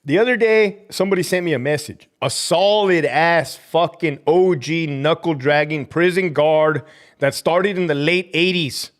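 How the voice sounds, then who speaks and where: Man, somewhat high voice; furious, foul-mouthed ex-prison guard on a livestream. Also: a little slow. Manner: profane, heated, ranting; drops Spanish slang into English. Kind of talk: livestream rant reading viewer comments.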